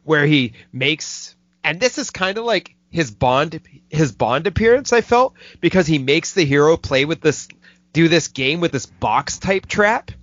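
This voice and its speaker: A man hosting a podcast, talking casually and with some swearing as he retells a movie, slipping into quick mocking voices. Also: a little high, expressive, a bit bright, no room sound. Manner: loose and profane, drops quick mocking impressions into his retelling. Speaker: podcast host reviewing a movie. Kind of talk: casual chat. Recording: dull, dry lo-fi podcast audio.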